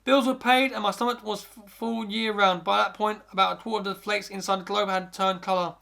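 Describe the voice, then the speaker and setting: A man's voice: high-pitched, fairly even intonation, brisk, gravelly, bright, forceful tone. A man hosting a podcast, reading a scary story aloud in the first person, often stumbling and restarting words. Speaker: podcast host.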